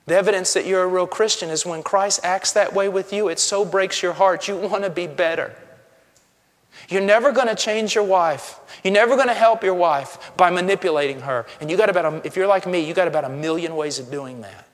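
Male pastor, sermon, impassioned, hushed to shouting, high voice, long hall reverb. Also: fairly quick.

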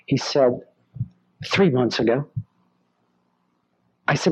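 A man preaches in a husky, mid-range voice at a moderate pace, pausing often. He tells lively sermon stories and acts out the voices of the people involved, heard through a slightly dull, lo-fi recording.

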